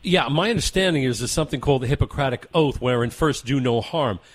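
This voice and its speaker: A man's voice: mid-range voice, fast, a little hiss or hum. A man hosting a talk radio show, delivering opinionated commentary with emphatic, rhetorical repetition.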